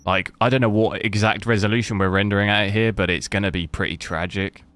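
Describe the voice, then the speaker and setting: A man's voice: lowish voice, steady tone, fairly quick, fairly bright tone. A man streaming a game, chatting casually and rambling through his commentary, with noisy stream audio. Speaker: gaming streamer.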